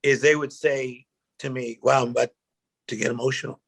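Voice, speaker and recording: A middle-aged man, a guest speaker, telling animated personal stories in a chat and acting out the quotes. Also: mid-range voice, fairly quick, vocal fry. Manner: animated storyteller, acts out quotes, emotional. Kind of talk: storytelling interview chat.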